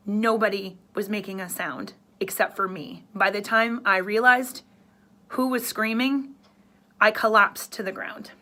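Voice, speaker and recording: A woman's voice: mid-range voice, unhurried, bright, forceful tone. A woman in her thirties, a radio host, telling a personal story in an earnest, emotional way.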